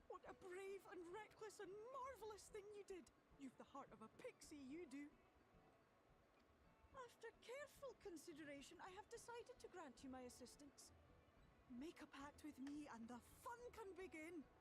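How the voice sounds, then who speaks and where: Playful game pixie, whimsical and high-pitched, theatrical lilt. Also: female voice, lively intonation, moderate pace. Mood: delighted. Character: playful, curious female pixie fairy. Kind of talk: video game voice acting.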